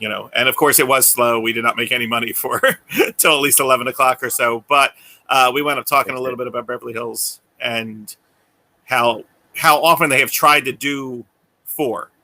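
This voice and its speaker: A man's voice: mid-range voice, fairly even intonation, normal speed, sharp tone. A man co-hosting a casual chat over a video call, telling easygoing stories and laughing along. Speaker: co-host.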